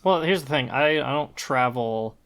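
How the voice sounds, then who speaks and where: A man's voice: mid-range voice, animated, moderate pace, a bit bright. A man co-hosting a podcast, telling stories in casual chat, hesitant with many fillers. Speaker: podcast co-host.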